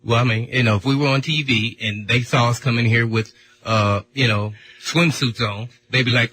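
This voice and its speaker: Husky bright-toned radio co-host. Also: male voice, mid-range voice, fairly even intonation, normal speed, hardly any pauses. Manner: laid-back, joking. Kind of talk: sports talk radio banter.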